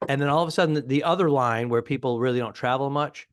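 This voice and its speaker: A man's voice: medium pitch, fast. A man co-hosting a comedy podcast, chatting casually in a rambling way and often cutting in. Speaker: podcast co-host.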